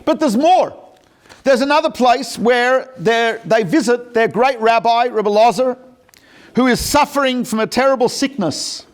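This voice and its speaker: High-voiced rabbi telling stories. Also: male voice, moderate pace. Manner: conversational, with humorous asides. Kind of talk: storytelling lecture.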